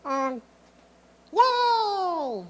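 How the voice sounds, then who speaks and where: A man using a voice changer that shifts him up into a squeaky, chipmunk-like critter voice, talking giddily. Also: sing-song, a bit bright, heavily acted. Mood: giddy. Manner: giddy, slow. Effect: high pitch-shifting voice changer.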